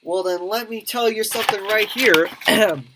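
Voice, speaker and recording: A gaming YouTuber plays a visual novel in a let's play, reading the characters' lines aloud in many voices and stopping to comment, with quick reactions and laughs. Her voice is mid-range, and there's background noise.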